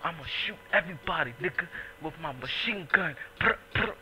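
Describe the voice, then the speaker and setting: A man imitating a brash young male rapper on a subway train, boasting loudly with gun noises. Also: a little high, lively intonation, normal speed, a little hiss or hum, pitched above the performer's own voice, poor audio. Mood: boastful.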